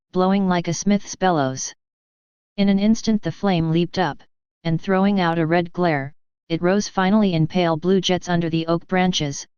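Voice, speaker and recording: A woman narrating an audiobook story in a steady, even reading. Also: fairly low pitch, clear, resonant tone, no room sound. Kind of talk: scripted narration. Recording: slightly dull, dry recording.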